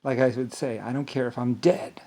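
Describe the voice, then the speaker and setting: A man on an angry, rambling rant, speaking at a middling pitch. He swears freely, trips over his words and restarts them, and keeps filling gaps with dismissive "blah, blah.". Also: fairly even intonation, moderate pace, warm tone. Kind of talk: monologue rant to camera.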